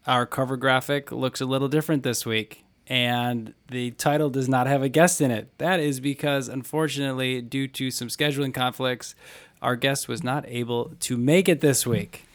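A man's voice: medium pitch, fairly even intonation, normal speed. A young man hosting a running podcast, upbeat and joking, telling a sponsor anecdote in a casual chat. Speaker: podcast host.

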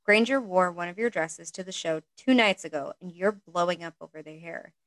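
A woman's voice: lowish voice, normal speed, a bit bright, natural voice, low-quality recording. A woman reading a story aloud and voicing a self-assured young man who speaks in an amused drawl.

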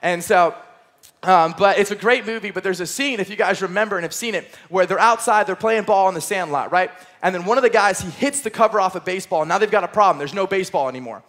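A young man, a high school pastor, delivering an energetic, chatty sermon from a church stage, using plenty of fillers. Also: quick pace.

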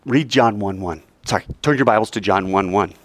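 A man teaching a Bible class, animated and quizzing the class with questions. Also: lowish voice, a little fast.

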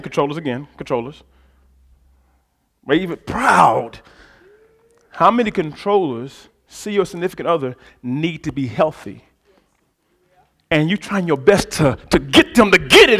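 High-voiced preacher swinging soft to shouting. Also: male voice. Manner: swings from quiet conversational asides to loud shouted preaching; talks directly to the congregation with call-and-response prompts. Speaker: pastor. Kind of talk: sermon.

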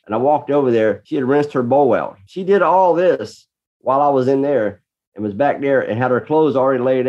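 A man's voice: medium pitch, highs cut off. Earnest man telling a parenting story. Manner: earnest storyteller, reenacts his own shouting. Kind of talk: casual conversation.

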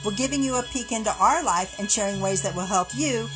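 A woman's voice: mid-range voice, fairly quick, over loud music, rough recording. Upbeat female podcast co-host. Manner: upbeat, laughs easily. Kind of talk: casual chat.

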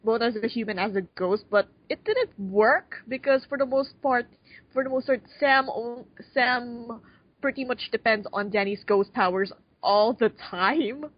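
A woman's voice: a little high, unhurried. A young woman in casual chat, blunt and profane, mocking the characters she talks about. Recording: dull lo-fi sound.

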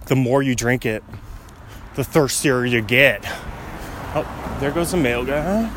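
Young man, vlogger, walking outdoors, lively rising and falling pitch, unhurried rambling delivery, frequent chuckles. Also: slight background noise. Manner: wandering, musing, chuckles often. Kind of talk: casual rambling monologue. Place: outdoors on a residential street, walking.

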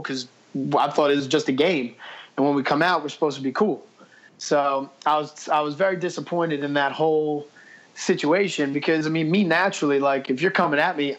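A man's voice: on the high side, highs cut off. A man guesting on a podcast, telling stories in a blunt, profane way and acting out his own past lines. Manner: profane, quotes himself with "I was like"; blunt and brash. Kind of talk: casual interview storytelling.

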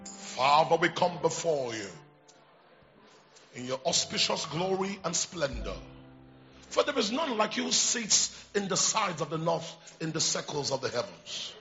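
A man preacher putting on a pompous man praying in flowery, formal words, low and hushed. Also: sing-song, lo-fi sound, faint music behind, exaggerated voice. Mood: mock-solemn. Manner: solemn, ornate, drawn-out.

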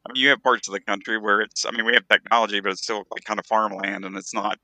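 A man's voice: lowish voice, little pitch movement, fast talker, sharp tone, no echo. An American man co-hosting a casual podcast chat, rambling with hesitant restarts and dry jokes. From United States. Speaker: podcast co-host.

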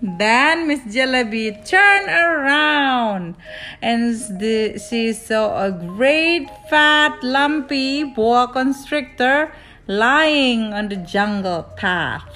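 A woman reading a children's picture book aloud in an animated way. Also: on the high side, extremely slow, faint music behind. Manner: animated, switching between English reading and Indonesian asides. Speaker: storybook reader for children.

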